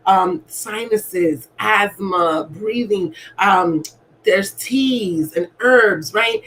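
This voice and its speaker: A woman's voice: mid-range voice, slight background noise, low-quality recording. A woman speaking as a wellness coach, coaxing her listeners and often asking "right?" as she guides them through breathing. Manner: coaxing, keeps asking "right?", acts out gasps. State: asthmatic. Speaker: alignment coach. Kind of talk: motivational wellness talk.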